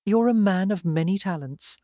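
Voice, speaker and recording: A narrator voicing a curt, dry-witted English gentleman, speaking brusquely and pitched above the usual reading voice. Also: normal speed, no echo, lightly acted.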